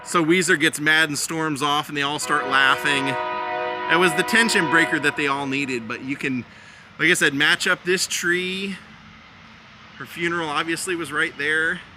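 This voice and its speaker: Outdoors, over music, a man casually narrates a vlog tour of film locations, chatting and laughing as he recounts scenes. His voice is on the high side with fairly even intonation and a moderate pace.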